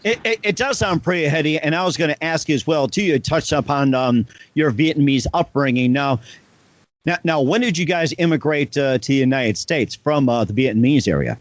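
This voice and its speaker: A man's voice: on the high side, lively intonation, fairly quick, lo-fi sound. A male interview host who stumbles and repeats words as he asks his questions. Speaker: show host.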